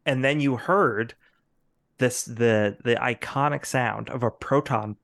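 A man's voice: medium pitch, creaky, a bit bright. Laughing man running a tabletop game. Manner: halting, full of fillers and laughter, acts out characters. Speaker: game master. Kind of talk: narrating a tabletop role-play game.

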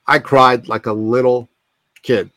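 A man's voice: medium pitch, fairly even intonation, a little slow, fairly bright tone, no room sound. Passionate male podcast guest, dry sound. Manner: emphatic, passionate, with repeated restarts. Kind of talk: animated storytelling.

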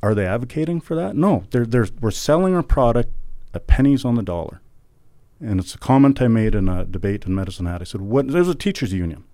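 A man's voice: mid-range voice, expressive, brisk, mellow, no echo, studio quality. A middle-aged man from Canada, talking emphatically in a podcast interview, repeating words and building to fervent outbursts. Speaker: guest, former election candidate. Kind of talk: podcast interview, impassioned political talk.

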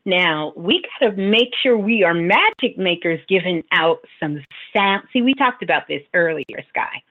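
A middle-aged woman hosting a talk show and giving casual advice in a teasing, animated way. She laughs often and acts out the voices she quotes. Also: lowish voice, moderate pace. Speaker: radio host and spiritual advisor. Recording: tinny phone-line sound.

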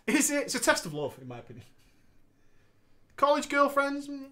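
Very high-pitched and measured in pace, this man co-hosts a casual podcast and reads out a gaming story. Playful banter and frequent laughter mark his expressive delivery.

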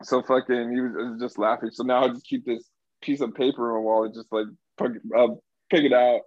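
A young man recounts a story in loose, animated chat, breaking into laughter and cursing freely. His voice sits in an ordinary middle register. The recording is dry and a little dull. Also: medium pitch, brisk, dry recording. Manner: animated, laughing, heavy swearing.

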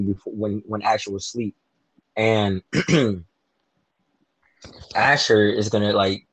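Lowish dry-voiced man rambling casually. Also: a bit bright, dry recording, rough recording. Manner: rambling, self-correcting, acts out quoted lines; loose slangy speech. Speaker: fan discussing a TV show. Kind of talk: casual chat, predicting plot.

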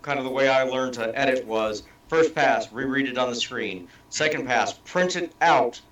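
A chatty man rambling through an explanation on a panel show. He sits well back from the mic in a roomy space. His pitch is mid-range. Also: normal speed, fairly bright tone, far from the mic, highs cut off. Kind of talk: casual panel chat.

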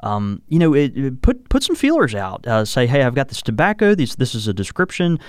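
A man's voice: medium pitch, sing-song, a little fast, no room sound, studio quality. A man co-hosting a casual podcast about pipes, talking in a rambling way with many fillers and restarts. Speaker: podcast co-host.

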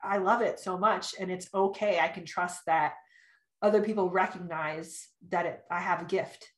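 A woman reading human design charts, talking as a podcast guest. She is animated and chatty, acts out little quotes and laughs often. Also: lowish voice, normal speed. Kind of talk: casual podcast conversation. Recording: roomy echo.

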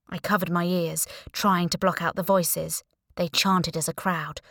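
Young female audiobook narrator: low-set voice, dry studio sound, wry first-person delivery. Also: flat delivery, measured pace, gravelly, fairly bright tone, dry recording.

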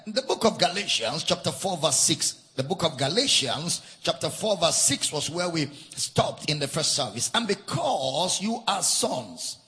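A man's voice: fairly high pitch, sharp tone, slightly rough. A man preaching a sermon at a church camp meeting, stressing and repeating key phrases and spelling out words for note-takers. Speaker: pastor.

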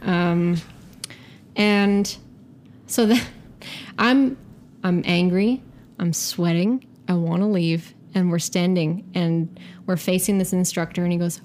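A young adult woman telling a story in a casual podcast chat, animated, profane and self-mocking. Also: fairly low pitch, slow pace, long pauses, a little hiss or hum. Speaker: guest storyteller.

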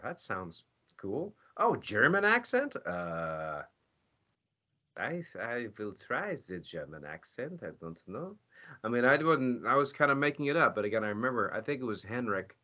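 Bright-voiced lively male actor. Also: on the low side. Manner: animated, acts out his own quoted lines. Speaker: voice actor guest. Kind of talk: casual storytelling interview. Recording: dull lo-fi audio.

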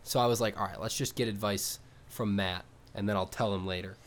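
A young man co-hosting a podcast, telling stories in a casual, animated way with swearing. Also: lowish voice, a little fast. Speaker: podcast co-host. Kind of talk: casual chat.

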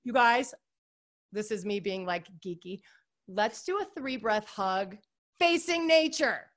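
A woman's voice: mid-range voice, animated, slow. A woman talking as a podcast guest in a casual, upbeat, gushing way, full of "like" and "you guys". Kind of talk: casual interview chat.

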